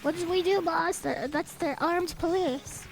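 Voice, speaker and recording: A woman's voice: very high-pitched, fairly even intonation, a little slow, creaky, faint music behind, voice pushed up, exaggerated voice. A woman voicing a bubbling henchman who nervously asks his boss what to do. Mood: panicky. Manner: gurgling, panicky.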